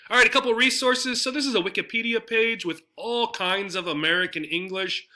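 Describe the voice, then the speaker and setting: Bright-voiced man teaching English words. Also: high voice, a little fast. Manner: explanatory, frequent tag "right?" checks. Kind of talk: slide-based vocabulary lesson.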